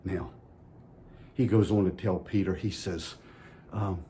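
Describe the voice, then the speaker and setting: A man's voice: low voice, fairly even intonation, slow, warm tone, slight background noise. A man giving a children's message at church in a folksy way, asking the kids playful questions. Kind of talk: children's sermon.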